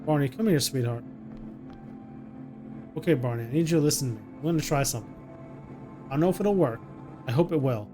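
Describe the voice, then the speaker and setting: A man voicing a frightened young mother who talks to her little son in a hushed, soothing way, reading game dialogue aloud. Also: medium pitch, expressive, a little fast, long pauses, music in the background, lightly acted. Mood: hushed, coaxing. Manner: hushed and soothing, coaxing a child.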